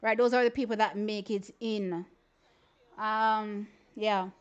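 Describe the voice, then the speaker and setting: A woman, hosting a casual livestream and commenting on sprint races in an animated, exclamatory way. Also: medium pitch, slow, clean tone, dull audio. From Jamaica. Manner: animated, exclamatory, often says "child". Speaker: livestream host. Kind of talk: casual live-stream sports commentary.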